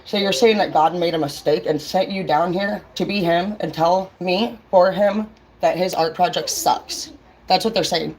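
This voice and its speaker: A woman's voice: low-pitched, a little mellow, a little hiss or hum, low-quality recording. A woman vlogging in a casual livestream rant, blunt and profane, talking straight to her viewers.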